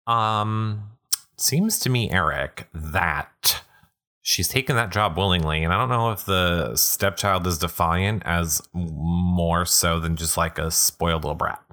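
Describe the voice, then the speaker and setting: A man's voice: low voice, measured pace, sharp tone. A man hosting a podcast, reading blog posts aloud and breaking in with sarcastic, snarky asides. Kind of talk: podcast recap reading with commentary.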